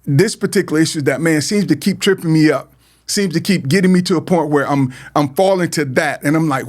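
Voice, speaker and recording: A man's voice: on the high side, brisk. A middle-aged man hosting a podcast, speaking earnestly about his life in a heartfelt personal talk, often repeating words and starting over. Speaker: podcast host.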